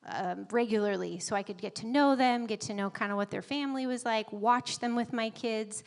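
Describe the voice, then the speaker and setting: A woman's voice: fairly high pitch, fairly quick, creaky, long reverb tail. A woman in her thirties sharing personal stories in a church message, conversational and laughing often, with many fillers. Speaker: guest speaker at a church service. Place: church sanctuary.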